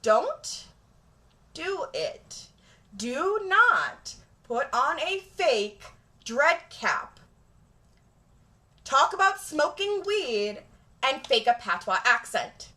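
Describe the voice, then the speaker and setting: A woman's voice: high-pitched, very animated, drawn-out words, pauses often, bright, forceful tone. A woman vlogger talking straight to camera in a blunt, profane, emphatic rant. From Jamaica.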